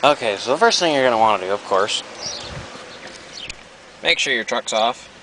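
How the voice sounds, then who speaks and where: A man's voice: medium pitch, lively intonation, moderate pace, bright, forceful tone, a little hiss or hum, low-quality recording. Casual man filming a garage how-to. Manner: casual, self-deprecating, with fillers. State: has the hiccups. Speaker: vlogger.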